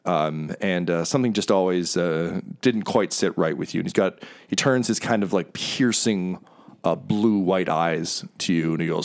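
A man's voice: deep voice, moderate pace. A man narrating an improvised tabletop game as game master, hesitant and full of uhs and ums.

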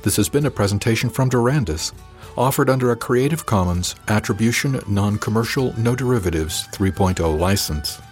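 A man reading a science fiction audiobook in first person, with an even, steady storytelling delivery. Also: on the low side, brisk, soft background music. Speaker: audiobook podcast narrator.

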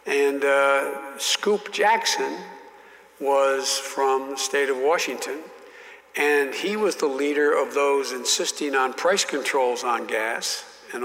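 A man's voice: medium pitch, fairly bright tone, in a large hall. An older man telling stories as an interview guest, with frequent restarts and repeated words. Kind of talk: storytelling in an interview.

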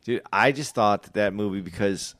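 A man's voice: fairly low pitch, normal speed, a bit bright, no room sound, studio quality. A man co-hosting a casual chat, talking in an easygoing, agreeable way. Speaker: podcast co-host.

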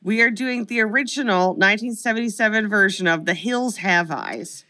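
A woman co-hosting a podcast in casual chat, cracking wry, deadpan jokes. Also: mid-range voice, normal speed. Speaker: podcast co-host.

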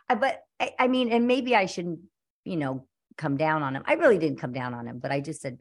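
A woman host of a casual talk podcast, chatting frankly about relationships. Her voice sits low for a woman. She laughs easily between her points. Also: animated, brisk. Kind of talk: casual chat.

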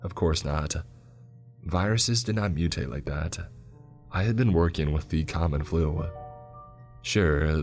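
Very deep-voiced male horror narrator. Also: a little mellow. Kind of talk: first-person horror story narration.

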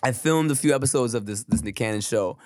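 A man in his thirties co-hosting a podcast, his voice deep and husky from a sore throat, talking in laid-back slangy banter with frequent laughs. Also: fast, darkish tone, no room sound, clean studio sound. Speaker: podcast co-host. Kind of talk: casual podcast chat.

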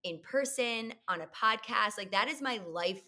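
A woman's voice: fairly high pitch, lively intonation, moderate pace, bright, forceful tone. A young woman guest on a podcast, bubbly and effusive in casual chat.

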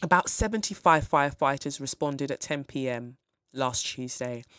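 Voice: medium pitch, normal speed, a bit bright, smooth, dry recording, clean studio sound. A podcast host, ranting with blunt, profane exasperation about the news. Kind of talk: ranting commentary.

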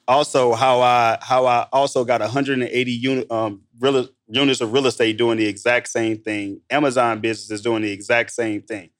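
A man with a middle-pitched voice tells stories in a casual podcast conversation. He is emphatic and animated, and he jumps into other people's lines to act out the dialogue. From Missouri. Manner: animated, emphatic storyteller who acts out dialogue. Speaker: guest entrepreneur.

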